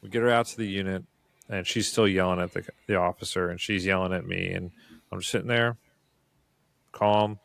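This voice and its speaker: A man with a very low voice tells patient stories in a calm, earnest way. His voice has a gravelly edge. The sound is close and dry, with no room echo. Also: fairly quick. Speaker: paramedic. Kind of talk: casual podcast chat.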